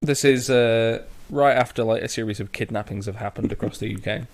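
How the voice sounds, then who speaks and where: A young British man co-hosts a casual podcast in a voice of middling pitch. He tells his stories in a laid-back, jokey way and teases his co-host. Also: a little fast. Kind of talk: casual chat.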